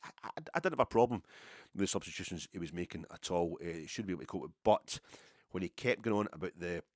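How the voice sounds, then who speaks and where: Deep-voiced rambling Scottish man. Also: fast talker, dry recording, clean studio sound. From Scotland. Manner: rambling, self-deprecating storyteller with swearing. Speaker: podcast host. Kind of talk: casual rambling monologue.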